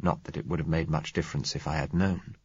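A man narrating a story in the first person, in a measured, reflective way. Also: rumbling low, steady tone, husky, no echo. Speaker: audiobook narrator. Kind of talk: scripted narration. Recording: dull lo-fi recording.

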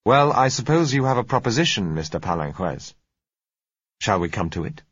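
A man's voice: fairly low pitch, very animated, normal speed, slightly rough, no echo, muffled recording, pitched above the performer's own voice. A man doing a wary company director. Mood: guarded. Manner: reflective, guarded, businesslike.

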